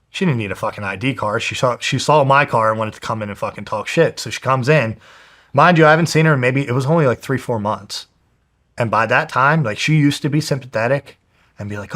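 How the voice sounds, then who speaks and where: A man in his twenties from New Jersey, a fighter telling a personal story in a candid, animated way, swearing heavily and acting out the people he quotes. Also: medium pitch, normal speed. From New Jersey, USA. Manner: heavy swearing, animated retelling with quoted voices. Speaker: guest, pro fighter.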